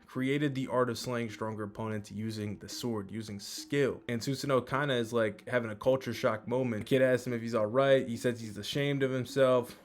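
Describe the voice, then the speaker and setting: A man's voice: mid-range voice, moderate pace, few pauses. A man casually recapping a manga chapter as host, with lots of fillers and some swearing.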